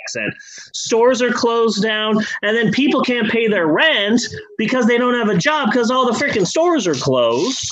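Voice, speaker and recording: A man's voice: extremely high pitch, sing-song, unhurried, fairly bright tone, highs cut off. A man hosting a podcast, telling a history story in a rambling, sarcastic, casual way with the odd swear. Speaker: podcast host.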